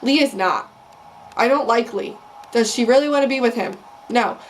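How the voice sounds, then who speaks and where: Opinionated young woman ranting, high voice. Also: moderate pace, slight background noise. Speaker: vlogger recapping a reality show. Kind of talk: casual chat.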